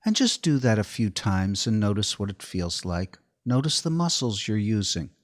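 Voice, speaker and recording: A man giving a slow, calm, step-by-step guided body-awareness lesson as movement instructor. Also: on the low side, no echo, clean studio sound.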